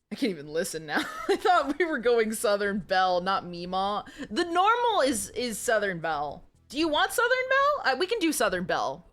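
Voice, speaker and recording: A woman's voice: mid-range voice, a bit bright. A woman streamer chatting and giggling as she reads a romance novel to her viewers. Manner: giggly, chatty, self-mocking. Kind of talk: live-stream reading and chat. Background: faint music.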